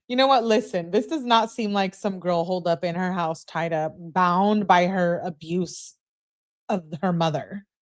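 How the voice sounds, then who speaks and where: A woman hosting a stream, reading messages aloud and adding blunt, exasperated commentary in a casual way. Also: mid-range voice. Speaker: host.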